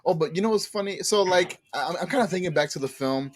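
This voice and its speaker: Husky-voiced, easygoing male podcast co-host. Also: high-pitched, quick pace. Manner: easygoing, laughs often, stammers. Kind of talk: casual movie review chat.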